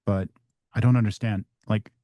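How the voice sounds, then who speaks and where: Trainee guy practicing a sales call, kinda hesitant, mellow low voice. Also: fairly even intonation, moderate pace, dry recording. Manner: hesitant, restarts often.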